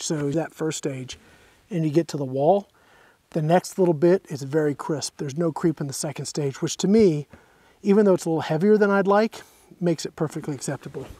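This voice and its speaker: A man's voice: fairly high pitch, mellow, husky. A man hosting a hands-on airgun review outdoors, a little out of breath, casually talking through each step as he goes.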